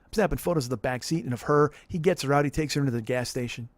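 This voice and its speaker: A man in his forties telling a profane, animated comic story on a podcast. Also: medium pitch, rapid-fire, no room sound. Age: 40s.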